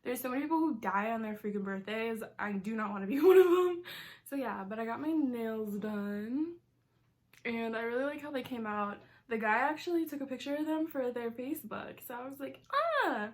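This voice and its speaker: A woman in her twenties chats through a casual mukbang vlog, eating as she talks. Her voice sits a touch high, and she rambles freely with lots of "like" and giggly asides, close to the camera mic. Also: a little fast. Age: 20s. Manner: chatty, says "like" a lot, giggly asides. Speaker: vlogger.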